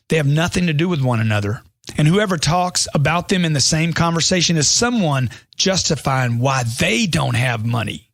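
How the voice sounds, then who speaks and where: A man's voice: on the high side, a bit bright, dry recording, clean studio sound. A man reading a money self-help book aloud as scripted audiobook narration, in an emphatic motivational way that leans on rhetorical questions.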